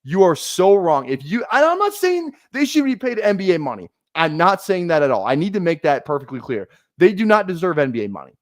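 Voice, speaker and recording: This man's high voice swings a lot in pitch as he talks fairly quickly with few pauses, ranting at his chat during a streamed fantasy football draft. Heated and profane, he keeps repeating himself; the audio is clean studio sound with no echo.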